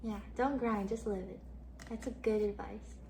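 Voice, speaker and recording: A woman's voice: medium pitch, steady tone, normal speed, gravelly, warm tone, a little hiss or hum. A young woman streamer in her twenties telling stories in a casual chat, giggling often and swearing casually.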